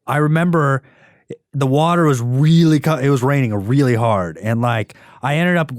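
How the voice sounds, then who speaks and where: A man chatting on a podcast, rambling through a story with constant "like"s and restarts. His pitch sits in an ordinary middle range. The sound is dry and close, with no room around it. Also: moderate pace, no echo. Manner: rambling storyteller, heavy use of "like". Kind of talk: casual podcast chat.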